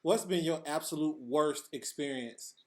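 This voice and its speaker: A man's voice: a little high, unhurried. Laid-back man hosting a roundtable. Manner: laid-back, laughs along, asks questions. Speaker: host.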